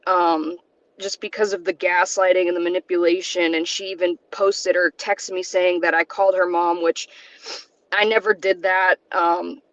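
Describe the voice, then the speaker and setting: Shaky woman from south carolina talking from her car, halting, nervous little laughs, dull muffled call sound. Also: lowish voice, little pitch movement, a bit bright, dry recording. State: shaky, close to tears. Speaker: guest. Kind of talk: emotional personal testimony.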